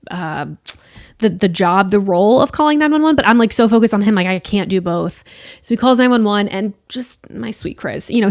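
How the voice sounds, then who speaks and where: A woman's voice: mid-range voice, no room sound, clean studio sound. Chatty young woman telling a story. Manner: animated, breathless retelling with frequent "like" fillers. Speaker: podcast host. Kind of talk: casual storytelling.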